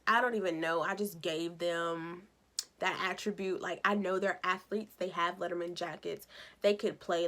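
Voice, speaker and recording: A woman giving a casual, chatty recap of a TV episode, telling it with sass and acting out the characters' lines. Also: mid-range voice. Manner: animated, sassy storytelling with acted-out quotes. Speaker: show recap vlogger.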